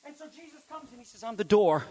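Speaking fast, the same high-voiced pastor builds his lively sermon toward shouted key phrases. He breaks off now and then for chatty asides to the congregation, his words echoing with a church hall's long reverb.

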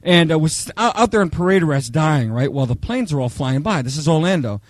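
Male pastor, high voice, very expressive swings, dry close sound, chatty storytelling sermon. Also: a little fast, no echo. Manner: animated storyteller, chatty, checks in with "okay?". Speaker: pastor teaching a Bible study. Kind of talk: sermon with humorous personal stories.

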